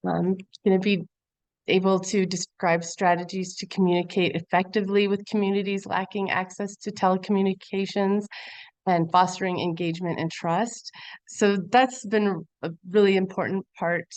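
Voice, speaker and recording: A woman's voice: mid-range voice, level tone, moderate pace, a little mellow, no echo. A woman giving a conversational webinar presentation over a video call, earnest and filler-heavy. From Montana. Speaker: guest presenter.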